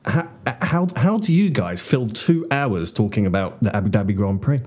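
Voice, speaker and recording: A man's voice: on the low side, expressive, normal speed, a little mellow, husky. A man hosting a casual podcast chat, self-deprecating and a bit rambling. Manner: chatty and self-deprecating, with frequent restarts. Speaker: podcast host.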